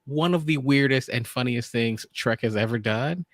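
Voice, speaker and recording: A man's voice: medium pitch, normal speed, no room sound, studio quality. A man co-hosting a podcast in casual review chat, rambling and acting out his own reactions. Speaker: podcast co-host.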